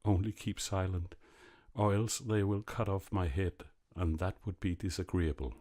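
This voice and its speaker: A man voicing a fiery-tempered male innkeeper in a fairy tale reading, loud and then pleading. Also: low-pitched, steady tone, normal speed.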